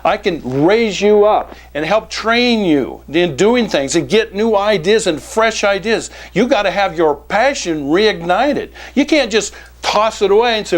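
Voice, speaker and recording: A man who is a business coach and author, giving a direct-to-camera sales pitch in a folksy manner, calling his listeners "folks" and hammering points with repetition. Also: expressive, unhurried, few pauses. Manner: folksy, keeps addressing "folks", emphatic repetition.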